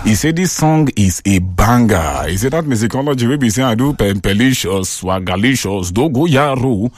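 A man's voice: medium pitch, animated, moderate pace, no echo. A man with a Nigerian accent hosting a call-in radio show in pidgin, reading out listener messages and greetings. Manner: upbeat shout-outs, reading messages aloud. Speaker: radio host.

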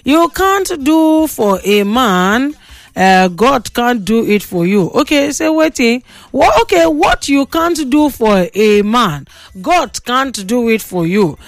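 A high-voiced Nigerian woman hosts a lively talk show, teasing and exclaiming as she reads out listener comments. Her voice sits dry and close, with no room sound. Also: slow, no echo. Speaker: radio call-in host reading listener comments.

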